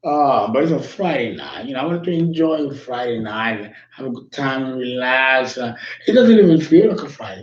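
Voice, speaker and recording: A man in his fifties rambles candidly in a casual monologue, emotional and quick to swear. His middle-pitched voice sits in a roomy space, and the sound is a little dull and muffled. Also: very animated. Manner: candid, emotional, profane, meandering. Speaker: astrologer.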